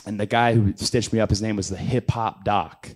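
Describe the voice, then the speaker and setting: A man's voice: on the low side, little pitch movement, moderate pace, darkish tone. A man in his thirties, an interview guest telling a casual story, acting out quotes in raised voices. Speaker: interview guest, pro wrestler.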